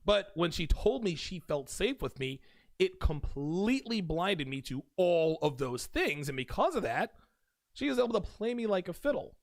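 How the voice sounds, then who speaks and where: A man's voice: high voice, sing-song, moderate pace, dry recording, clean studio sound. A man hosting a livestream, talking emphatically and repeating phrases as he builds each point. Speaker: host. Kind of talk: livestream commentary.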